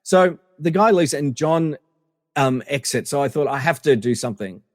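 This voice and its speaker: A middle-aged man from Australia, a podcast guest telling animated anecdotes with lots of fillers and restarts. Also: a little high, normal speed, no echo, studio quality, in a large hall. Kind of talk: casual storytelling interview.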